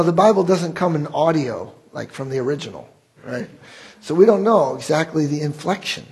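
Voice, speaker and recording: Guy preaching slow and earnest, kinda husky voice, big rhetorical questions. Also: fairly high pitch, a little mellow, rough recording. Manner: earnest, builds to impassioned pleas with rhetorical questions. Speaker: pastor. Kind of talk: sermon.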